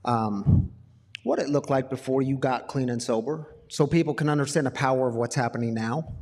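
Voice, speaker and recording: A man's voice: medium pitch, steady tone, moderate pace, a little mellow. A man hosting a live event, chatting casually and upbeat with the crowd and his guest. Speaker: host. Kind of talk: live church-style interview. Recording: long hall reverb.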